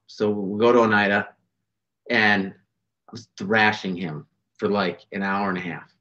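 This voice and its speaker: Guy telling a fishing story on a podcast, kinda low voice, muffled lo-fi sound. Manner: animated, fast storytelling with fillers. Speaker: podcast guest, bass angler. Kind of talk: casual storytelling chat. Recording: dull lo-fi sound.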